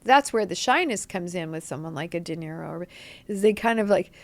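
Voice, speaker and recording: Chatty actress telling lively stories. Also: female voice, fairly low pitch, fairly quick. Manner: animated storyteller, acts out quotes. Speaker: actress guest. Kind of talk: casual interview chat.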